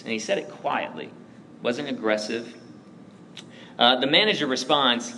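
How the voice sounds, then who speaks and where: A man preaching a sermon, praying and then telling a story in a relaxed, chatty way, full of "like" and "right?". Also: mid-range voice, normal speed, slight background noise, rough recording. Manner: conversational, lots of fillers like "like" and "right?". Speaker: pastor.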